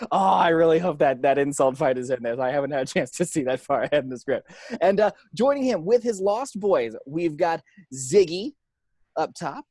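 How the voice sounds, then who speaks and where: Man host, casual and laughing, animated voice, dry close sound. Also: fairly high pitch, moderate pace, pauses often, slightly rough, dry recording. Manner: chatty, laughing, apologetic asides. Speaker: table read host. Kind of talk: casual hosting chat.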